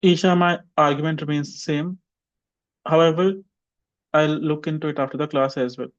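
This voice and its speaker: Man, English teacher on a video call, a little high, muffled lo-fi line, demonstrates intonation. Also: fairly even intonation, moderate pace. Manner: models sentences with exaggerated intonation, calls on students. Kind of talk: online class teaching. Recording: dull lo-fi online call audio.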